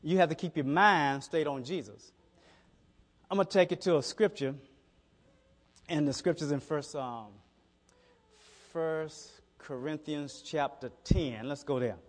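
A man's voice: a little high, measured pace, pauses often. Folksy preacher man in a reverberant hall. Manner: folksy storytelling with frequent repeated words. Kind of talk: conversational sermon.

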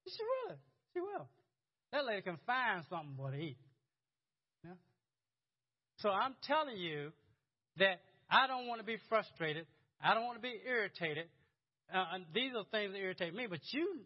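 A man's voice: sits high, lively intonation, normal speed, pauses often, muffled recording. A man preaching a sermon in a conversational, chuckling way, often repeating words as he goes. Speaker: pastor.

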